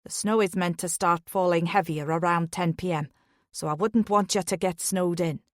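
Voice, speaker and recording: A woman voicing a gruff male taxi driver with an Irish accent in an audiobook thriller. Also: on the low side, fairly even intonation, moderate pace, no room sound, studio quality, pitched below the performer's own voice, close to an everyday voice. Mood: blunt, matter-of-fact.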